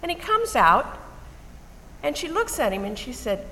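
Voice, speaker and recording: An older woman giving an earnest Mother's Day message, telling family stories in a measured way. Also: sits high, sing-song, bright, forceful tone. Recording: reverberant hall with faint noise.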